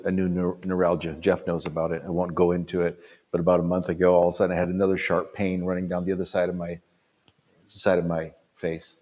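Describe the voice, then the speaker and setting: An older man with a very low, deep voice gives an earnest motivational talk as a pastor. He drives points home by repeating phrases, jumping from loud bursts down to near-quiet asides. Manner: swings between loud punches and quiet drops. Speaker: pastor and conference speaker.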